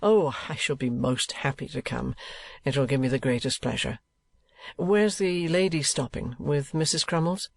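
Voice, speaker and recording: A man voicing a polite, earnest young gentleman who speaks in a courteous, measured way. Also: medium pitch, gravelly, natural voice.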